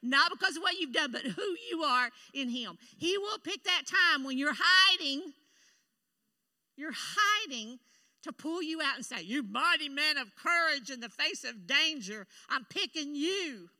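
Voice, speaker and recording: A woman delivers a sermon in a church. Her voice sits high and rings very bright. She preaches with emphatic, animated energy and drops quick asides to the congregation. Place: church sanctuary.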